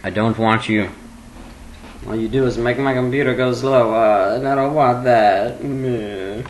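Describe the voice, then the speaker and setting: A man rambling goofily in a webcam vlog at home at his computer, jumping between low mumbling and sudden squeals. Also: fairly even intonation, moderate pace, slight background noise, poor audio. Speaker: vlogger.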